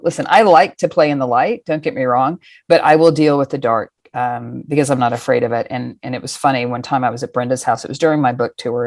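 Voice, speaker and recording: Frank, low-voiced woman guest. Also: no echo. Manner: frank, rambling, profane. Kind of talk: casual storytelling.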